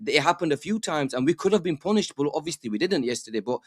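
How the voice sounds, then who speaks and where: Halting man, dry close sound. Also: on the high side, lively intonation, no echo. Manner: halting, repeats words, swears when riled. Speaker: football podcast panelist. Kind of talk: casual fan chat.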